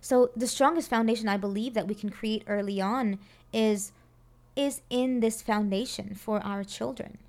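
A woman's voice: fairly high pitch, normal speed, a little mellow. A woman giving an earnest, reflective talk on parenting, often repeating phrases and checking in with her listeners. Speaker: parenting speaker.

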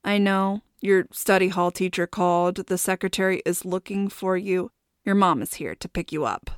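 A woman's voice: lowish voice, moderate pace, clean tone, dry recording, clean studio sound, close to an everyday voice. A woman doing a stern male librarian. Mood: matter-of-fact.

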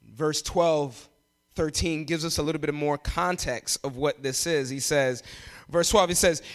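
Animated high-voiced preaching man. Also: smooth. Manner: animated, emphatic preaching with sudden pitch jumps. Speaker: pastor. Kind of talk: sermon.

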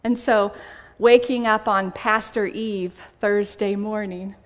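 Slow-speaking woman pastor preaching. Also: mid-range voice, fairly even intonation. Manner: heartfelt, tearful gratitude, measured scripture reading. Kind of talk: sermon. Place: church sanctuary.

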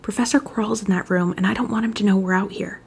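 A woman reading aloud, voicing a tense, protective young wizard boy who speaks in hushed whispers. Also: mid-range voice, fairly even intonation, quick pace, vocal fry, slight background noise, natural voice.

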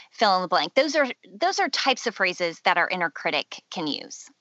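Bright, emphatic woman speaker. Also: fairly low pitch, very animated, moderate pace, few pauses, dry recording, muffled recording. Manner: earnest, emphatic, acts out inner voices. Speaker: guest. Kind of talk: faith-based podcast conversation.

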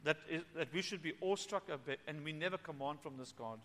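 A male pastor preaching a sermon in a slightly high voice. He swings between hushed, quiet passages and loud, emphatic ones. The sound carries a long reverb tail from the hall. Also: quick pace. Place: church meeting.

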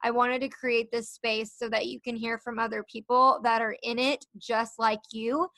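Bright, earnest woman podcast host. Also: fairly high pitch, little pitch movement, normal speed, no echo. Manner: earnest, emotional and encouraging. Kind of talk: solo podcast talk.

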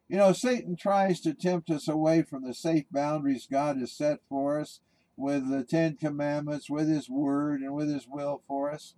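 A male pastor delivering a sermon in a relaxed, folksy storytelling way. His voice is warm and mellow, pitched a bit high, with casual restarts. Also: moderate pace, rough recording.

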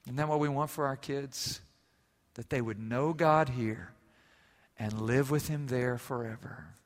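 A man preaching a sermon as pastor, swinging from loud emphasis to quiet, intimate passages. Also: mid-range voice, a little slow. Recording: long reverb of a large hall.

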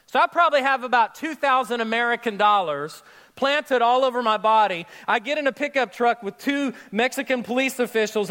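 A man preaching a sermon, opening with a lively personal story and speaking straight to his congregation. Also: very high voice. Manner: storytelling, animated, addresses crowd directly. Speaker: pastor.

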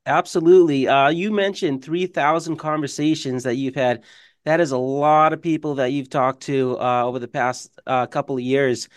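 A man's voice: medium pitch, fairly even intonation, moderate pace, dry recording, studio quality. A man co-hosting an interview, asking polite questions with a few hesitant fillers over a video call. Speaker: guest co-host.

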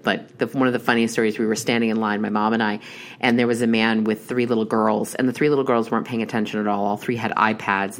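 A young adult woman telling a long, rambling personal story in casual chat, with many restarts and fillers. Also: a bass voice. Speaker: horror podcast host.

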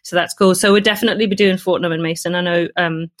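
A woman's voice: lowish voice, fairly even intonation, quick pace, no room sound. Enthusiastic woman podcast host, dry sound. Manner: enthusiastic, eager interviewer. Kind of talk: casual chat.

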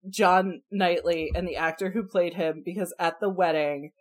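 A woman's voice: fairly low pitch, steady tone, normal speed, darkish tone. A woman in casual movie chat, laughing a lot and mimicking characters' reactions.

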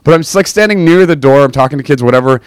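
A young man casually shares a personal faith story with listeners, animated and self-mocking, often checking in with "right?". His voice is a little high, clear and resonant, rapid-fire, with no echo.

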